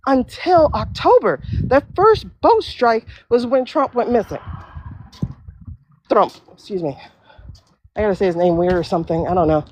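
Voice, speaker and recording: A woman hosting a casual livestream while walking outdoors, talking in an animated, profane way with quick asides. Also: mid-range voice, a little hiss or hum. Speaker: livestream host. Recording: dull lo-fi livestream audio.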